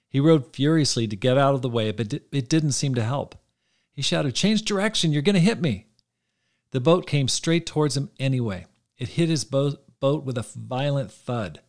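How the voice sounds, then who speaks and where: A man hosting a podcast, reading aloud from his own book in an earnest, measured way. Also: medium pitch, darkish tone. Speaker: podcast host.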